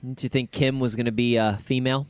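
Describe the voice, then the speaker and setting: A man's voice: mid-range voice, steady tone, fast talker, clear, resonant tone, dry recording, clean studio sound. A man hosting a podcast, talking in a casual, rambling, joking way. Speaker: podcast host.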